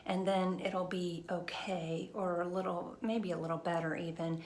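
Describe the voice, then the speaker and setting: A middle-aged woman vlogging at home on a handheld phone, talking in a hushed, partly whispered ramble full of fillers. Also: lowish voice, steady tone, measured pace, roomy sound, a little hiss or hum. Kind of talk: casual chat to camera. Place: home, indoors. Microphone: handheld phone camera.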